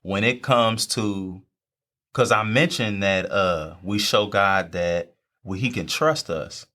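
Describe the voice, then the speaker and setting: A man's voice: lowish voice, takes it slowly, pushed and bright. A young man, talking faith casually and repeating phrases for emphasis. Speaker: podcast co-host. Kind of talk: faith talk among friends.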